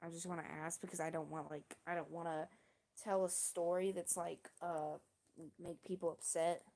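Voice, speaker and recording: A woman streamer casually telling a long story on a livestream, halting and restarting often, with casual swearing. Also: lowish voice, flat delivery, darkish tone. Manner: rambling, halting, with many restarts and fillers.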